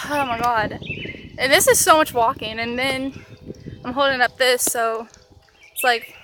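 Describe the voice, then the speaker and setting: A woman's voice: a little high, measured pace, bright, forceful tone, slight background noise. A teenage girl vlogging as she walks through the woods outdoors, filming on a handheld camera and talking in a dramatic, panicky, self-mocking way. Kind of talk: casual vlog narration while hiking.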